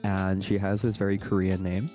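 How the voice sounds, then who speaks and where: A man's voice: sits low, monotone, moderate pace, mellow. A man as a guest in a casual chat, telling stories animatedly, laughing and swearing often. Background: background music.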